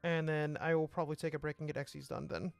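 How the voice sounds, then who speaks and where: A man's voice: fairly high pitch, flat delivery, fast talker, vocal fry, clear, resonant tone, no echo, faint music behind. A man streaming a game jam, chatting casually with friends and rambling with lots of fillers. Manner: rambling, full of fillers and restarts. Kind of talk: casual chat with friends on a voice call.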